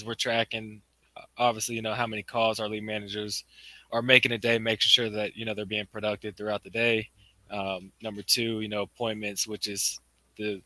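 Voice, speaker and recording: A man's voice: on the low side, bright, forceful tone, no room sound, poor audio. A man explaining team tracking in a casual way, saying "you know" often.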